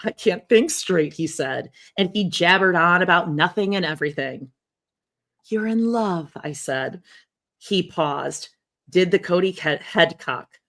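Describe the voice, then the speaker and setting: A woman co-hosting a podcast, reading a memoir aloud in a soft, lowered voice and breaking off for blunt, casual comments. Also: unhurried.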